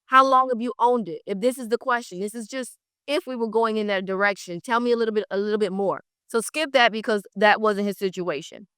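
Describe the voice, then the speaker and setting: A woman, running a real estate training class in an energetic, direct way. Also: medium pitch, a little fast, clean tone, dry recording, clean studio sound. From South Florida. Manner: energetic, talks straight to the class.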